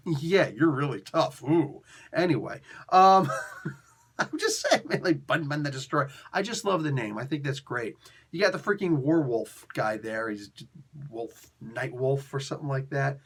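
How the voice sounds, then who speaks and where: A man reviews comics in a casual, excitable rant. He gets playfully mock-outraged, throws in slang and laughs often. His voice sits on the high side for a man. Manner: excitable ranting with frequent laughs.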